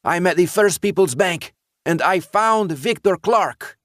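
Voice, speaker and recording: A man voicing an earnest, insistent teenage boy, raising his voice high and urgent. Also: animated, a little slow, fairly bright tone, dry recording, clean studio sound. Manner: raised, high, urgent delivery.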